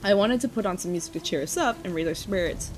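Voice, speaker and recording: A woman's voice: medium pitch, quick pace, slight background noise, low-quality recording. A woman co-hosting a podcast, reading a spooky campfire story aloud in a casual way and often breaking into giggles.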